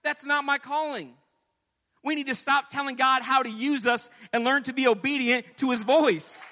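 A man's voice: extremely high pitch, fairly even intonation, normal speed, pushed and bright. A man preaching a sermon with impassioned delivery, rising into pleading as he voices scripture. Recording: long hall reverb.

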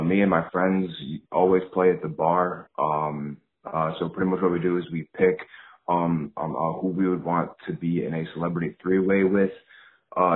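A man from Illinois leaving a hesitant voicemail full of ums and uhs. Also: sits low. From Joliet, Illinois. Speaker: voicemail caller. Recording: tinny phone voicemail.

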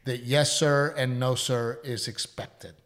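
A man co-hosting a podcast talks in a casual, chatty way. His voice sits at a medium pitch, and he tells earnest stories that drop to a hushed tone when they turn heartfelt. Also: steady tone, slow. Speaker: podcast co-host. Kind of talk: casual chat and storytelling.

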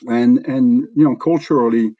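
A man's voice: medium pitch, fairly even intonation, normal speed, no room sound, narrow, tinny audio. A middle-aged man with a French accent, a company executive telling stories as an interview guest, with many fillers and restarts. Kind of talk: conversational storytelling.

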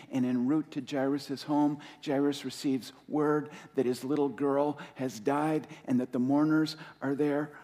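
A male pastor delivers an impassioned sermon in a fairly high, darkish voice that surges up and sinks low, pausing and repeating his key phrases. A long reverb from the surrounding church hall carries his words.

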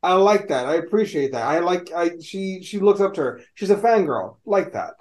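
Male podcast co-host, high animated voice, casual and profane. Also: moderate pace. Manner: animated, swears freely. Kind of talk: casual chat.

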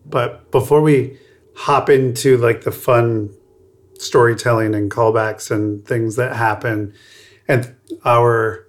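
A man co-hosting a podcast, chatting casually with frequent laughs and loose, rambling phrasing. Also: mid-range voice. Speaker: podcast co-host.

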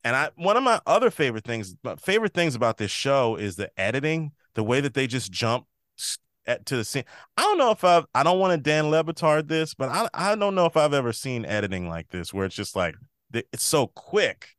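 Smooth-voiced man recapping a show. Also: medium pitch, sing-song, brisk, fairly bright tone, no echo, studio quality. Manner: retells scenes by quoting characters' dialogue; loose, rambling delivery. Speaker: podcast co-host. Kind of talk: casual episode recap.

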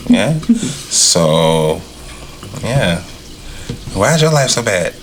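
A man in casual podcast chat, telling stories in a blunt, profane, animated way. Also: low-pitched, very slow, slight background noise. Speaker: podcast co-host.

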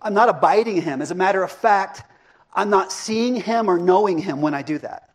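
High-voiced pastor preaching conversationally. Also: male voice, normal speed. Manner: conversational, asks the congregation questions. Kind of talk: interactive sermon.

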